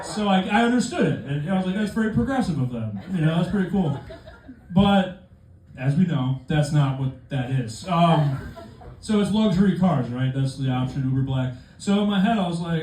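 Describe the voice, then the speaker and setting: A man's voice: a little high, normal speed, mellow, slight background noise. A young man doing a stand-up comedy set in a club, self-deprecating with conversational asides. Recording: echoey club room from far off, crowd laughter.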